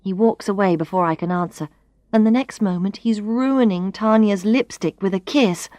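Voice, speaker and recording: A woman reading a first-person story for learners aloud, clear and expressive. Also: medium pitch, normal speed, no echo. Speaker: narrator. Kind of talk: scripted narration of a learners' story.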